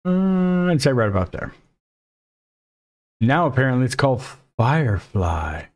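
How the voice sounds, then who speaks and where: A man talks through a coding lesson in a loose, conversational way, narrating each step as he goes. He cracks jokes at his own expense and reacts out loud to what he sees on screen. His voice sits at an ordinary middle pitch. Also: big pitch swings, a little slow. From Mexico. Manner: jokey, thinks aloud, self-deprecating asides. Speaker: coding instructor.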